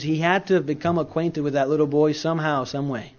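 A man preaching a sermon in a conversational storytelling way, swinging between loud and soft. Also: on the high side, steady tone, fairly quick, hardly any pauses, lo-fi sound.

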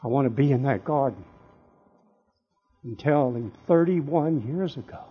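Slow, dramatic male preacher. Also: medium pitch, animated, slightly rough, dull audio. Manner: dramatic, swings from hushed to shouting. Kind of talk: sermon.

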